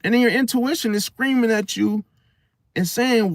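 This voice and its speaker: Slangy, animated man with a dry close sound. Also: extremely high pitch, normal speed, no echo. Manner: animated, slangy, acts out inner voices. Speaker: astrology channel host. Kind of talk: casual spoken monologue.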